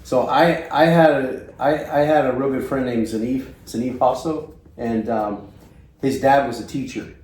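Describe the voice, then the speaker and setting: A man telling a heartfelt, funny story in casual chat, with halting restarts and bursts of laughter. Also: medium pitch, darkish tone. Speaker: podcast co-host. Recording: echoey room, faint noise.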